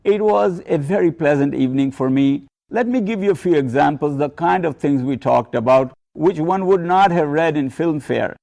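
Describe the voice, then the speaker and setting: An older man tells a personal story in a measured, unhurried way. His voice is gravelly and mellow, sitting a little high for a man. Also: expressive. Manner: measured storytelling with quoted Hindi asides. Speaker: narrator of a personal tribute. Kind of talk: reminiscing narration.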